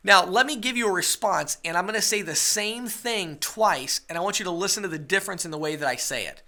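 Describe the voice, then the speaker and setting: A man's voice: high voice, animated, fast, hardly any pauses, sharp tone. A man teaching a webinar sales lesson, coaching his listeners and checking in with rhetorical questions. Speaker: sales trainer.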